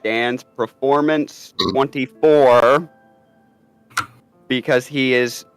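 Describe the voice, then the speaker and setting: Slow-talking man playing a tabletop game. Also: medium pitch, animated, fairly bright tone, soft background music. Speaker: player. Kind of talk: tabletop role-play banter.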